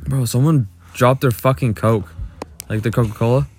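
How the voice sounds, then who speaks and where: A man's voice: mid-range voice, steady tone, moderate pace, darkish tone, slight background noise. A young man co-hosting a podcast, casually telling a long, profane story about work. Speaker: podcast co-host. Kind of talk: casual chat.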